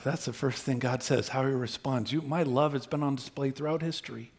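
A man preaching a sermon, speaking with animated intensity and acting out God's words with rising emphasis. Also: mid-range voice, brisk, few pauses. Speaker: pastor.

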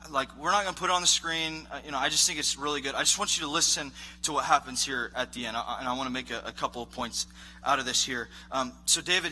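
Man preaching casually over soft band music. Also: fairly high pitch, rough recording. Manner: casual, rambling with many "like"s, self-deprecating. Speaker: pastor. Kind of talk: conversational sermon. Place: church stage. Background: live worship band playing softly.

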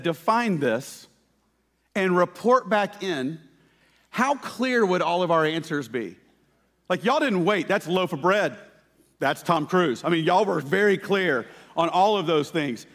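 A man preaching a sermon, telling stories with lively shouted quotes. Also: high-pitched, a little slow. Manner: animated storytelling with shouted quotes. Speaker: pastor. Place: church sanctuary. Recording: church hall reverb.

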